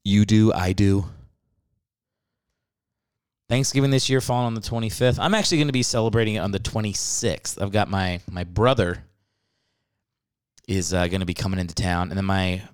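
A man's voice: on the low side, normal speed, pauses often, clean tone. A married man hosting a comedy podcast, ranting with joking asides and casual swearing. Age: adult, married. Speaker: podcast host.

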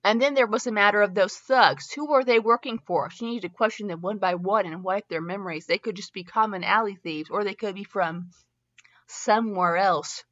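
A woman's voice: medium pitch, moderate pace, a bit bright, dull audio. A woman hosting a show where she reads fanfiction aloud, often tripping over words and laughing at herself between passages. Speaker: podcast host reading fanfiction aloud. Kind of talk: reading a story aloud with comic asides.

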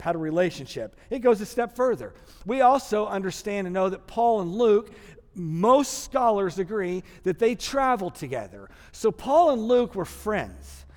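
A pastor from Texas with a Texan accent, preaching a sermon with animated, humorous storytelling. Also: male voice, high-pitched. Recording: long hall reverb.

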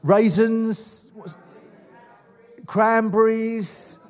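A man's voice: high-pitched, fairly even intonation, very slow, big-room sound. A man preaching a sermon with enthusiasm, asking the congregation questions. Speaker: pastor.

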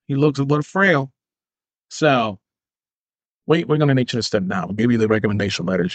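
A man in his thirties hosts a solo podcast in a loose, profane, rambling style, with a middle-pitched voice. The recording is close and dry, with no room sound. He keeps breaking into little acted-out scenes. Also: slightly rough, no echo. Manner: profane, rambling, acts out imagined dialogues. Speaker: podcast host. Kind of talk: casual solo commentary.

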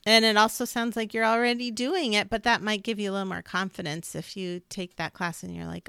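Smooth-voiced chatty woman co-host. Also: mid-range voice, level tone, fairly quick, hardly any pauses, pushed and bright, no echo, clean studio sound. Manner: chatty, loose, full of "like" asides. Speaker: podcast co-host. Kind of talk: casual spiritual chat.

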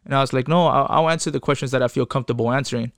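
A young man talks very fast at a medium pitch, recorded cleanly in a studio with no room sound. Telling his own story casually, he swears, rambles, restarts, and quotes people in their voices.

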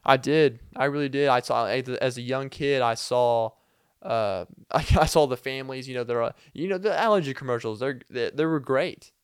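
A man's voice: mid-range voice, moderate pace, smooth, dry recording, clean studio sound. A young man hosting a podcast, telling a rambling comedic story full of fillers and little laughs. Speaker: podcast host.

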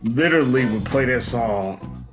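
A man in a casual podcast chat, reminiscing in a relaxed way with hesitant ums. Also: medium pitch, unhurried, over loud music.

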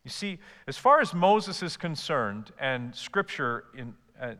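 A man's voice: medium pitch, big pitch swings, unhurried, sharp tone, long reverb tail. A man preaching a sermon, asking rhetorical questions and building to emphatic repeated lists. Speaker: pastor.

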